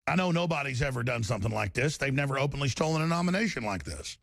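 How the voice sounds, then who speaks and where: Gravelly, heated male talk host. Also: animated, fast, fairly bright tone, no room sound, studio quality. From Texas. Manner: heated, rambling, with big pitch swings and repeated restarts. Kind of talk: impassioned political talk monologue.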